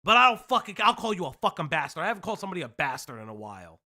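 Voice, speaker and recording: A man hosting a live-stream commentary, talking casually and breaking into loud, profane rants. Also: high-pitched, very animated, rapid-fire. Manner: profane, explosive ranting. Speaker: stream host.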